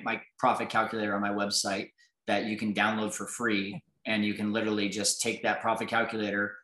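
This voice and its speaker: A man gives relaxed, chatty advice on a live podcast over a video call. His voice sits on the low side. The room around him has a noticeable echo. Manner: casual, conversational advice with fillers. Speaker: real estate coach. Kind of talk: casual live podcast chat. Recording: echoey room.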